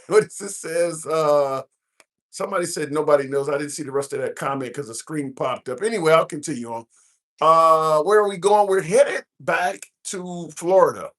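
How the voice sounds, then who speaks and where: A man from the American Midwest hosts a loose live-stream call-in, chatting along and reading viewer comments aloud. His voice sits a touch high, and his talk is full of fillers and restarts. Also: normal speed, a bit bright. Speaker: livestream host. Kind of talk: casual live-stream chat. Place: cruise ship at sea.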